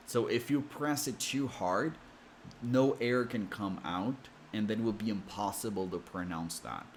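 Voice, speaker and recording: A man with an American accent, coaching English pronunciation with slow, careful explanations. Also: medium pitch, a little hiss or hum. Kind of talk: explanatory lesson.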